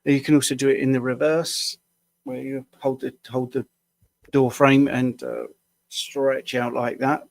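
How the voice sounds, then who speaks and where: A UK health coach answers viewer questions on a live stream, rambling casually with small self-deprecating laughs and sounding tired after a long day at the screen. His medium-pitched, gravelly voice is level and a little slow. The recording is dry.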